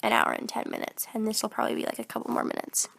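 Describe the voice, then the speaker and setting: A teenage girl chatting aimlessly into her phone mic, meandering and a little self-deprecating. Her voice sits somewhat high for a woman, and she sounds a bit under the weather. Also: expressive, very fast, creaky, fairly bright tone, slight background noise. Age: teens. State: sick. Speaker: voice actor vlogger. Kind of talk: casual rambling vlog.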